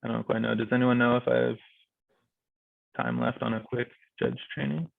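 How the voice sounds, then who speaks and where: A young man walks a club through judging speech contests in a relaxed, filler-heavy way. His voice has a gravelly fry to it. The audio is thin and phone-like, as if over a video call, with a dry, close sound. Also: mid-range voice, moderate pace, no room sound. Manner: casual, explanatory, many fillers like "like" and "kinda". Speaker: guest speaker on speech and debate judging. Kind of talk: informal presentation at a virtual club meeting.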